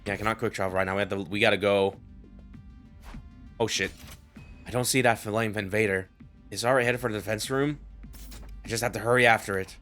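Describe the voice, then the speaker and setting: A man's voice: lowish voice, fairly even intonation, fairly quick, long pauses, bright, forceful tone, soft background music. A man streaming a game, muttering anxiously to himself and reading the story aloud. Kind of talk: casual gameplay commentary and read-aloud.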